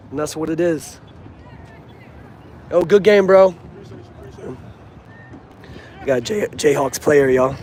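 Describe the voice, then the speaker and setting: Near a stadium outdoors, a young fan vlogger speaks earnestly and casually about his football team using street slang. His voice is a little high with a darkish tone, and there's slight background noise.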